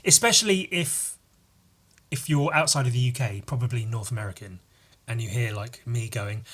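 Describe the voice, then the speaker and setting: A man's voice: medium pitch, expressive, normal speed, a bit bright. A man hosting a solo podcast, rambling and self-mocking and swearing freely. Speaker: podcast host. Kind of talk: casual solo podcast chat.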